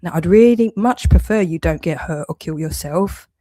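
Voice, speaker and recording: A woman's voice: lowish voice, normal speed, mellow. A woman delivering an angry, heavily sworn monologue rant, accusing and scolding. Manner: heavy swearing, accusatory, rising anger.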